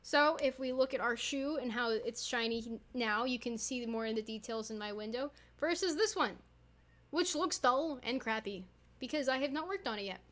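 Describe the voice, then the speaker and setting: A woman's voice: on the high side, moderate pace, fairly bright tone. A young woman chatting casually while showing a tutorial, playful and rambling with little asides. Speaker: YouTuber.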